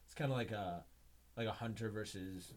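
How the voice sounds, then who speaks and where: Deep-voiced young man rambling casually. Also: moderate pace. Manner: rambling, full of "like" and restarts. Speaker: guest. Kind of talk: casual podcast chat.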